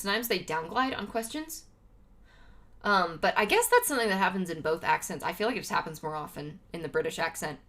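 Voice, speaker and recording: A woman's voice: mid-range voice, a bit bright. A woman livestreaming, chatting casually to her viewers with lots of fillers and laughs. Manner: laughs often between remarks.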